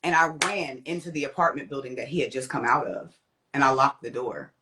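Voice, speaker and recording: Her voice is brisk, bright, and forceful as this young adult woman gives her personal testimony on someone else's show. She narrates vividly, performing each quoted voice with big pitch shifts.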